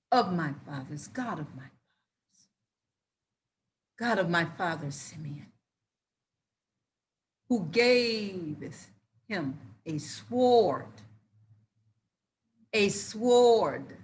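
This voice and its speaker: A woman's voice: on the high side, fairly bright tone. A woman reading the words of a determined biblical heroine, declaiming them fervently in her own voice. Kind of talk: dramatic scripture reading.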